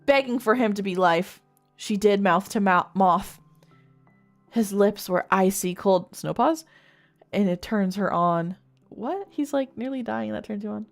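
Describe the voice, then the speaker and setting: A woman's voice: mid-range voice, unhurried, faint music behind. A young woman streamer reading bad fanfiction aloud in a casual, mocking way, laughing often and swearing freely.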